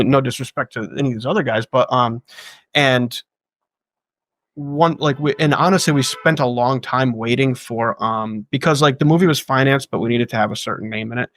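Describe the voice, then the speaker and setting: A man's voice: medium pitch, fairly bright tone, dry recording. A man telling stories from making his films in casual, profane talk, acting out the people he quotes. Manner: fast, profane, acts out quotes of others. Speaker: guest filmmaker. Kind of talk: casual anecdotal storytelling.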